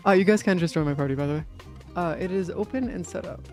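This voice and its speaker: A laid-back gaming streamer who talks in loose, meandering bursts, piling up "uh"s and "like"s with easy casual swearing. The voice sits in an ordinary middle pitch, and faint game music plays underneath. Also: fast, darkish tone. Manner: rambling, filler-heavy, casual swearing. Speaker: live streamer.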